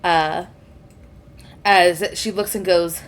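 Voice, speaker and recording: A woman's voice: sits low, steady tone, a little slow, fairly bright tone. A woman narrating a tabletop game as game master, describing the scene with frequent fillers.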